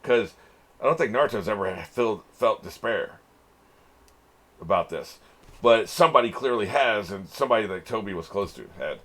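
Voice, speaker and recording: A man with a very low voice talks through an episode as he watches, musing aloud in loose reaction commentary. He drops casual swears and chuckles as he goes. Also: expressive, normal speed, fairly bright tone. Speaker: anime reaction channel host.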